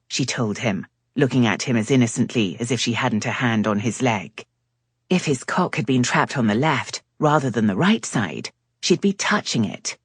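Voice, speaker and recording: Very low-voiced woman narrating a romance. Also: husky, no echo, studio quality. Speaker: audiobook narrator.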